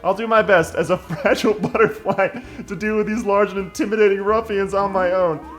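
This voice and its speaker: A man's voice: sits high, steady tone, a little fast, a bit bright, soft background music. A man voicing a timid, prim talking butterfly in a video game, speaking in a fussy, plaintive way.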